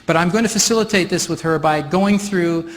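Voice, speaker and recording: On stage in front of an audience, a man runs a live workshop demo, explaining every step conversationally with frequent laughter. He's the facilitator, with a high-pitched voice that moves a little fast.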